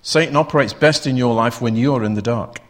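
A man's voice: mid-range voice, fairly quick. A man preaching a sermon, talking conversationally and putting rhetorical questions to his listeners.

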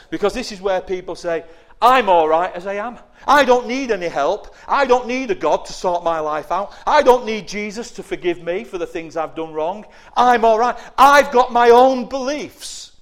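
A man giving a lively children's sermon, asking the young listeners questions and acting out whiny voices. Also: on the high side. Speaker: preacher giving a children's talk.

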